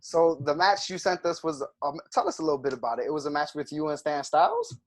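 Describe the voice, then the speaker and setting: A man's voice: fairly high pitch, sing-song, quick pace. A man hosting a podcast interview, friendly and joking with his guest. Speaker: podcast host. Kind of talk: casual interview chat.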